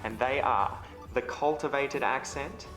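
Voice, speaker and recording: A man's voice: mid-range voice, unhurried, a bit bright. An Australian man presenting as an English teacher, upbeat and addressing viewers directly. The room is echoey, with faint music behind. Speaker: English teacher and online host. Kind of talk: scripted video presenting.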